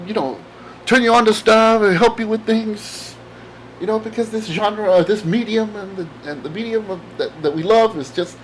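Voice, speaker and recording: A man's voice: high-pitched, slight background noise. A man hosting his own comic book channel, chatting casually in a rambling, enthusiastic way with lots of fillers. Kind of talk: casual chat.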